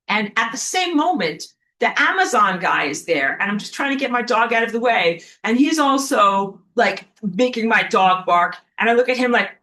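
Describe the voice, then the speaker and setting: Woman on a long solo rant, bright voice, acts out what people said. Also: fairly high pitch, normal speed. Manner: animated, acts out quotes in a raised voice. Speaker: online teacher. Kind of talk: casual monologue to camera.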